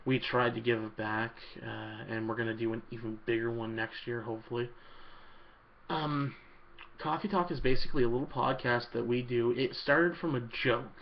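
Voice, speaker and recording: A man's voice: mid-range voice, a little hiss or hum. Rambling man on a lo-fi vlog. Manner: rambling, relaxed, many ums and uhs. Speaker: YouTuber answering viewer questions. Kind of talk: casual Q&A vlog.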